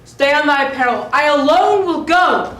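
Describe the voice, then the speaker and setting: A woman's voice: high-pitched, moderate pace, bright, forceful tone. A woman as a curt, dismissive young man. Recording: echoey, from far off.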